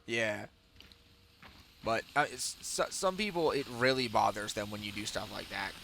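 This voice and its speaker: A man's voice: lowish voice, moderate pace, sharp tone, a little hiss or hum. A man chatting casually with his viewers while he streams a game, telling rambling stories that amuse him. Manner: rambling, self-amused storytelling.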